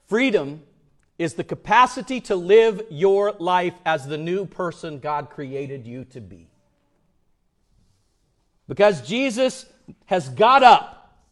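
Male pastor giving a sermon, kinda high voice, goes big and loud then drops way down quiet. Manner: dramatic preaching, swinging from loud declarations to hushed storytelling.

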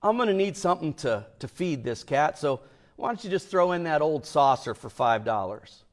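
A man's voice: a little high, big pitch swings, moderate pace, voice pushed down. A man voicing a sly male antique dealer who acts casual and insistent, in a joke told during a sermon. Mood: fake casual, insistent.

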